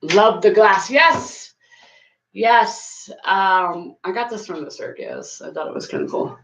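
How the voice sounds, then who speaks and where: A woman's voice: mid-range voice, takes it slowly, fairly bright tone, slight background noise. Chatty woman in an echoey room. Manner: chatty, rambling, laughs at herself. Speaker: YouTuber live-streaming. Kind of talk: casual live-stream chat. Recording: echoey, dull lo-fi room sound.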